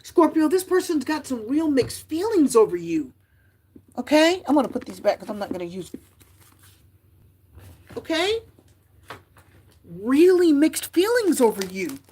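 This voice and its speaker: Woman doing a tarot reading, high voice, keeps repeating stuff to viewers. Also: sing-song, a little slow, pauses often, dark tone. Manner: chatty, repeats herself, talks to viewers. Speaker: tarot reader. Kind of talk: casual tarot reading to camera.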